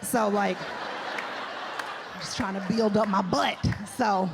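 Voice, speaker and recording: A woman's voice: medium pitch, slow, vocal fry, some chatter behind. A woman doing a stand-up comedy set in a club, telling stories animatedly and acting out the people in them. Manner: animated storytelling with acted-out quotes. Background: audience laughter.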